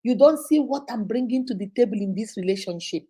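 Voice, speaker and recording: A middle-aged woman with a Nigerian accent talks straight to her followers in a chatty, preaching way. Her voice sits a little high but sounds mellow and warm. She drops pidgin and Igbo words into her English. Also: lively intonation, fast, hardly any pauses, slightly rough. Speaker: vlogger giving relationship advice. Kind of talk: casual advice talk to followers.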